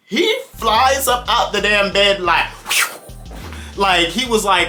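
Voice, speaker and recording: A young man telling a personal story to his viewers in a casual, animated way, exclaiming often and talking to the audience directly. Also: high voice. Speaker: storytime vlogger.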